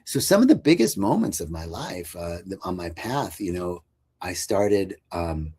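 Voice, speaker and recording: Low, mellow and husky, this male voice swings widely in pitch while keeping a measured pace. As a podcast guest, he recounts his spiritual path earnestly and searchingly, full of fillers and restarts.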